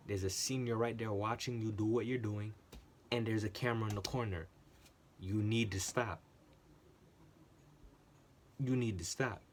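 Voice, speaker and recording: A man telling a workplace story in a casual, animated monologue, often repeating himself for emphasis and swearing. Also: mid-range voice, slight background noise. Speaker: channel host.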